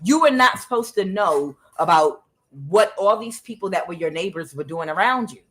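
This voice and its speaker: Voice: medium pitch, lively intonation, normal speed, a bit bright, poor audio. A tarot reader in a mid-range voice delivers a reading with insistent emphasis. The speech halts often on fillers and circles back to repeat key phrases, with the occasional swear word. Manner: hesitant fillers between phrases.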